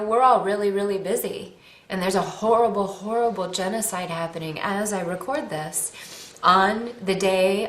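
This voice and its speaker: A woman actress and advocate making a personal appeal to viewers from home, earnest and rambling, with a self-deprecating humor. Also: medium pitch. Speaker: actress and animal-rights advocate. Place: at home with her dog nearby. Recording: roomy echo.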